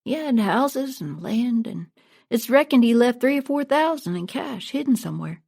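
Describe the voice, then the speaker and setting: A woman's voice: fairly high pitch, animated, moderate pace, vocal fry, a little mellow, husky, exaggerated voice. A woman reading a storybook, voicing an eager, talkative young man from a small town who answers questions in a friendly way.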